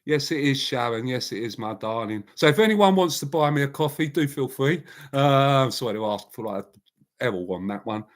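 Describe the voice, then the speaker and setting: A man's voice: mid-range voice, expressive, normal speed. A man hosting a casual live chat, talking bluntly in a rambling way and answering viewers by name. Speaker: livestream host.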